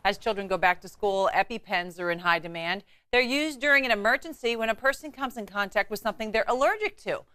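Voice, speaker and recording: A woman anchoring a weekend morning newscast, reading stories briskly with chatty asides, from a TV studio. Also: mid-range voice, pushed and bright, clean tone, dry recording. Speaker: news anchor.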